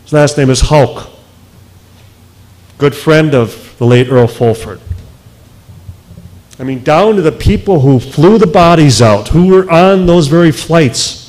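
A man speaking as a researcher in a public lecture, emphatic, with deliberate pauses. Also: on the high side, expressive, darkish tone, rough recording.

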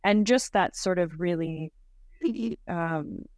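A woman's voice: on the low side, steady tone, slow, no echo, clean studio sound. Chatty woman guest telling her story. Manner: chatty, many fillers like "like" and "um", laughs often. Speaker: podcast guest. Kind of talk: casual interview storytelling.

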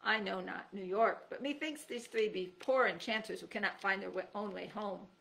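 A sly, scheming old wizard from a storybook who speaks slowly, in formal and condescending words, as a woman reading aloud puts him on. His voice is gravelly with a bright edge. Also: mid-range voice, rough recording. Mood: scornful.

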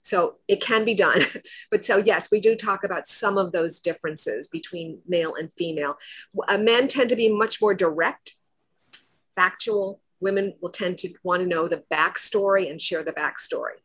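A woman speaking as a presentation coach, a guest on a video-call talk show, explaining in a confident, animated way. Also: lowish voice, moderate pace, breathy edge.

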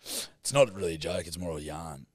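Sweary husky New man. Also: low-pitched, fairly quick, no room sound, clean studio sound. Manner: sweary, laid-back banter. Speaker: podcast co-host. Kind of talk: casual chat, telling crude yarns.

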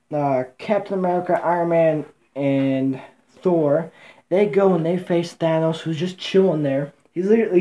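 A woman giving a casual, rambling movie recap, excitable and swearing, with many fillers and restarts. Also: deep voice. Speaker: movie reviewer.

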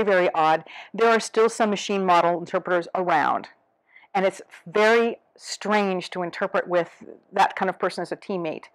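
A middle-aged woman professor giving a lecture, talking in a lively, animated way and acting out little quoted exchanges. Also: fairly low pitch, low-quality recording. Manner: lively, animated, quick asides and acted-out quotes.

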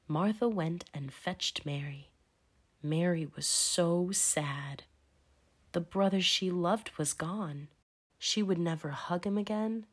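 Woman, children's story read-aloud, low voice, expressive, emphatic. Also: slow, husky.

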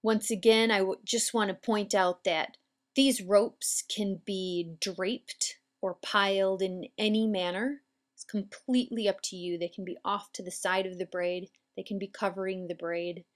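Calm woman teaching hair braiding. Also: mid-range voice, a little slow. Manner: calm, patient, step-by-step explaining. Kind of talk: instructional demonstration.

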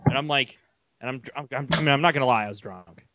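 A young man co-hosting a casual sports podcast, telling long rambling stories with animated energy. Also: medium pitch, quick pace, very noisy. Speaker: podcast co-host.

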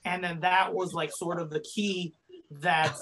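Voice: mid-range voice, flat delivery, unhurried, background noise. A podcast host rambling through a fan theory with many fillers. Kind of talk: casual chat.

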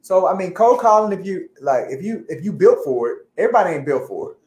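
A woman with a fairly low voice that swings widely in pitch, trading playful, slangy banter as a co-host. She sounds like she's in an echoey room. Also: expressive, quick pace, darkish tone. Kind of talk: casual chat.

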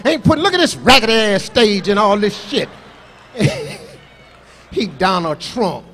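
A man's voice: high voice, huge pitch swings, unhurried, fairly bright tone. A man doing a live stand-up comedy set, brash and profane, boasting and scolding the crowd. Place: live comedy show on stage.

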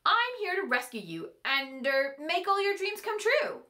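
Squeaky, prim fairy godmother, quick to take offense, highly animated; woman voicing her. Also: heavily acted. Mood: flustered. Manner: squeaky, indignant. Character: flustered prim young female fairy godmother.

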